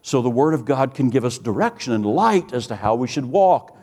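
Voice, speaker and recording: An earnest man preaching a sermon, his voice sitting at a middle pitch. He builds his points through rising lists of phrases and leans into key words with conviction. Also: very animated, moderate pace, dark tone, big-room sound. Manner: storytelling with quoted dialogue.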